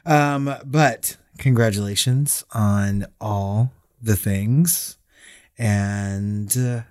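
A man's voice: lowish voice, very slow, darkish tone. A man co-hosting a casual horror movie podcast, chatting and reading listener messages aloud. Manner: reads listener messages aloud, stumbles over words. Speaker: podcast co-host.

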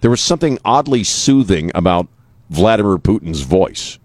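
Blunt, animated male talk radio host. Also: deep voice, moderate pace, no echo. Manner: blunt, joking, rambling with restarts. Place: radio studio.

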